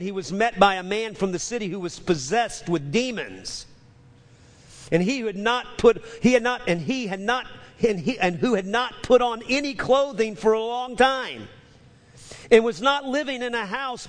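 High-voiced preacher in a reverberant hall. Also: male voice, a bit bright. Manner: stammering restarts, emphatic repetition. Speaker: pastor. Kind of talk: sermon.

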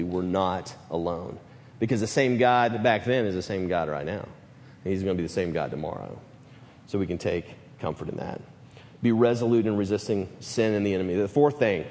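Man preaching in an echoing hall. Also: fairly low pitch. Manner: emphatic, swings from loud to hushed. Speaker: pastor. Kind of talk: sermon.

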